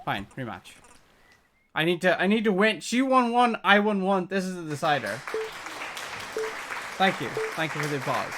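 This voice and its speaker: A man streaming a game live, giving excitable, competitive commentary and reading in-game dialogue aloud. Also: sits high, moderate pace, long pauses, music in the background, crowd noise.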